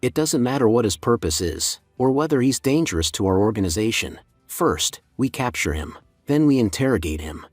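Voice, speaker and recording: A man's voice: medium pitch, sing-song, moderate pace, few pauses, no room sound, soft background music. A man voicing a stern, suspicious agency boss who gives firm, commanding orders.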